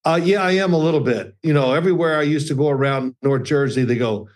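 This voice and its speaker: A man's voice: on the high side, fast talker. An older man from Kentucky with a slight Southern accent, a former quarterback telling folksy stories as an interview guest. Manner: folksy storyteller, chuckling. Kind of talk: casual interview chat.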